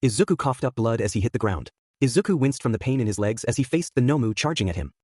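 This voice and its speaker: A man narrating a fan fiction story aloud in a brisk, expressive way. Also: medium pitch, dry recording, studio quality.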